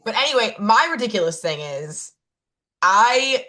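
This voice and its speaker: A woman's voice: medium pitch, expressive, a little slow, bright, forceful tone. A woman co-hosting a podcast, telling a story in casual chat, rambling with lots of fillers and self-corrections and laughing at herself. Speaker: podcast co-host.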